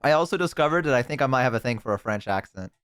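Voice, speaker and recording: A man's voice: medium pitch, lively intonation, very fast, fairly bright tone, clear, resonant tone. Joking, rambling male streamer. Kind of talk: casual stream chat.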